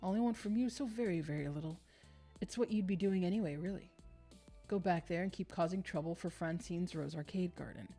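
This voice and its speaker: A woman's voice: fairly low pitch, a little fast, warm tone, faint music behind. A woman reading the lines of a domineering, passive-aggressive middle-aged father aloud from a game. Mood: condescending. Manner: lecturing, condescending.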